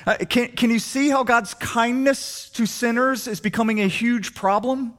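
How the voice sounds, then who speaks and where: A man preaching a sermon, asking the congregation rhetorical questions and swinging between soft and emphatic delivery. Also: very high-pitched, moderate pace. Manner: animated, rhetorical questions, shifting loud and soft. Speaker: pastor.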